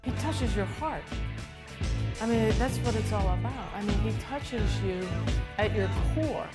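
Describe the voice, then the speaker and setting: A woman in a mid-range voice gives an emphatic, heartfelt testimonial. She presses her point warmly and repeats it. Loud music runs underneath her the whole time. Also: medium pitch, unhurried. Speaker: client giving a testimonial. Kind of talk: testimonial interview.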